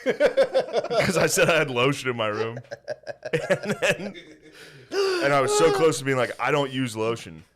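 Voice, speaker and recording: A man in his thirties with a lively, swinging pitch chats loosely on a podcast. He laughs through his stories and puts on a higher voice to mimic his father. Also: unhurried, long pauses, crowd noise. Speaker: comedian co-host. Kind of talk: casual podcast chat.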